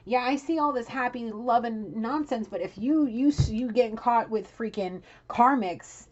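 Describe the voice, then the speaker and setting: A woman giving a casual tarot reading, blunt and profane, scolding and animated as she talks. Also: a little high, normal speed, highs cut off. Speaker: tarot reader.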